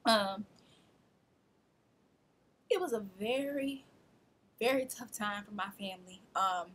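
A woman in her twenties tells her own story straight to camera, talking casually and with lots of life. She acts out the people she quotes and laughs often as she goes. Her voice sits at an ordinary middle pitch. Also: slow, a bit bright, slight background noise. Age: 20s. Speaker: vlogger.

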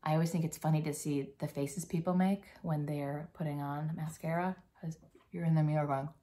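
A young woman with a low voice gives a stage makeup tutorial for kids. She is chatty and playful, with plenty of ums and goofy little sound effects. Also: steady tone, brisk, dark tone. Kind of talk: casual demonstration for kids.

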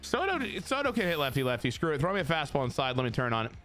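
Animated, bright-voiced male gamer. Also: on the high side, very fast, soft background music. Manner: excitable, swears, trash-talks the opponent. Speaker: gaming channel host. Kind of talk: casual gameplay commentary.

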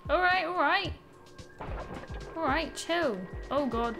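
A woman's voice: high voice, expressive, takes it slowly, gravelly, a bit bright, soft background music. A young woman giving casual gameplay commentary, exasperated, swearing often and talking to herself. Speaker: gaming channel host.

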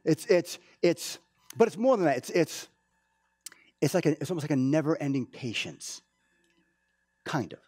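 A pastor preaching a casual, storytelling sermon, with many restarts and asides. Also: male voice, fairly high pitch, expressive, moderate pace, pauses often, a little mellow, husky, no echo, clean studio sound. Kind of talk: conversational sermon. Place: church.

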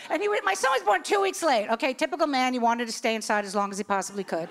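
In her sixties, this woman is doing a stand-up comedy set, telling brash, animated stories and acting out the voices in them. Her voice sits high and sounds gravelly, she talks fast, and the recording is very noisy.

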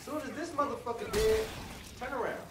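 A gamer giving loud, profane casual commentary while playing a co-op horror game, quick to rage and laugh. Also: medium pitch, very noisy. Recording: distant mic in an echoey room with loud ambience.

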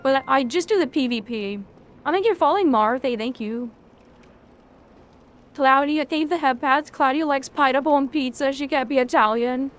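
A woman's voice: high voice, normal speed, soft background music. A woman streaming a video game, chatting casually with her chat, rambling and swearing freely.

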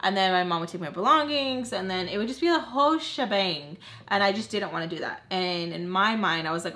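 A woman's voice: medium pitch, fairly quick, hardly any pauses, bright, forceful tone. A woman in her twenties telling a candid storytime, rambling with lots of fillers and swearing. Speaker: vlogger. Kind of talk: casual storytime vlog.

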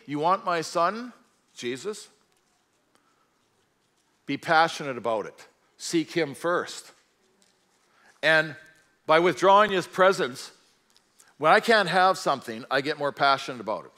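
A middle-aged man preaches at a church, recounting his own conversion in an earnest, folksy way. His voice sits at an ordinary middle pitch, and he drifts into casual asides as he talks. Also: fairly bright tone. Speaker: guest speaker. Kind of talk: personal testimony sermon.

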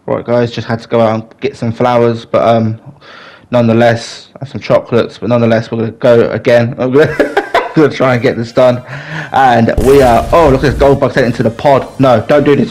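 A man hosting a gaming channel, giving excited let's-play commentary in a mock wrestling-announcer style and breaking into pleading with the game. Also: medium pitch, normal speed.

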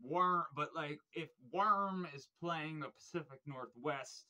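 Searching his shelves in frustration, a young record review vlogger rambles in casual chat, heavy on fillers and swearing, and gets keen about the music. His fairly high voice is pushed and bright, and he speaks slowly with few pauses.

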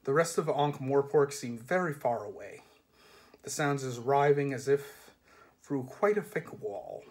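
A man reading a novel aloud in steady, measured narration. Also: mid-range voice. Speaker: reader. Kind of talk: audiobook-style reading of a novel.

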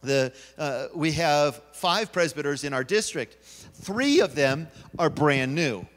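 A man with a high voice preaches in a church, telling stories and acting out each character's lines. The sanctuary gives his voice a long, ringing reverb. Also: animated, takes it slowly, a bit bright. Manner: storytelling, acting out quoted voices. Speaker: pastor. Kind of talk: sermon.

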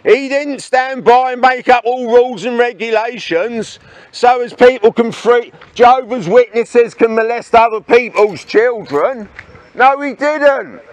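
A man's voice: very high-pitched, measured pace, no room sound. A man giving an angry confrontational harangue outdoors as a street protester, badgering his listeners with repeated challenges. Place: outdoors by the sea.

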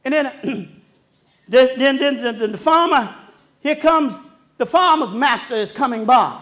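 A man preaching a sermon, emphatic and building to shouts, drawing call-and-response from the congregation. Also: very high voice, lively intonation, measured pace.

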